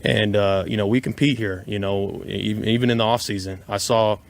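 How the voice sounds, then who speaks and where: A professional football player answering reporters at a press conference, halting and full of fillers. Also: male voice, fairly low pitch, fairly even intonation, vocal fry.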